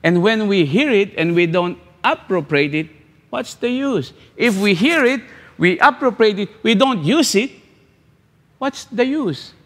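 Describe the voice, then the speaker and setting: A man pastor preaching a sermon, repeating phrases and asking rhetorical questions with halting restarts. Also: high voice, lively intonation, fairly bright tone. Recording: long hall reverb.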